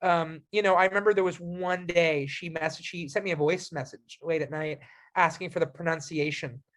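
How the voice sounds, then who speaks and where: With a fairly high voice at a normal speed, a young actor from Canada chats casually as an interview guest. He's animated, restarting sentences and dropping fillers all the time.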